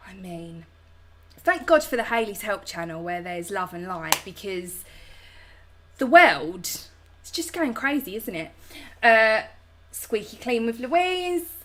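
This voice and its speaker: A woman in her thirties with a South London accent hosts a relaxed live stream. She reads out comments and calls her viewers babe and darling. Her voice sits a little high and chatty. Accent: London English. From South London, England. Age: 30s. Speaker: host.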